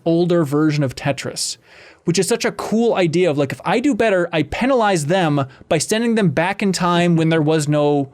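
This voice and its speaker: A man's voice: high-pitched, a little mellow. A man hosting a games podcast, chatting enthusiastically in long run-on sentences. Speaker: podcast host. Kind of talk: casual chat.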